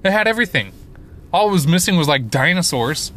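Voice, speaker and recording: A man's voice: a little high, sing-song, a little fast, a bit bright. A man in his twenties telling a comic story with playful, self-mocking bravado, acting out the voices of the people in it. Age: 20s. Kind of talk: comedic storytelling to camera.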